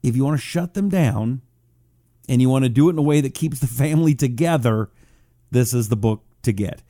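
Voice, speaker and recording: Reading viewer check-ins aloud, a middle-aged man hosts a talk show in a relaxed live-stream chat; he's a radio talk show host. He speaks a little fast in a mellow, mid-range voice. The audio is studio quality with no room sound.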